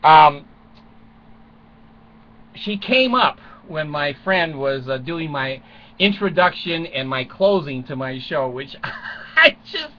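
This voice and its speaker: A man's voice: on the high side, expressive, slow, pauses often, highs cut off, slight background noise. An older man rambling through a crude, self-mocking comic monologue from a small closet at home, chuckling often. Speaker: vlogger.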